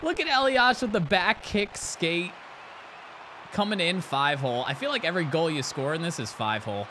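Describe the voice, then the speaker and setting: A man's voice: on the high side, moderate pace. Young guy hyped up playing a hockey game, voice jumping all over, noisy recording. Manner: loud excited outbursts, trash talk. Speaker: gaming channel host. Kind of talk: excited gameplay commentary.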